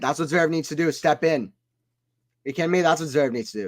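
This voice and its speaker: Man, slightly high voice, casual tennis play-by-play, chats with viewers, excitable on big shots. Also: brisk. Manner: chatty, reads chat aloud between points. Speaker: watchalong stream commentator.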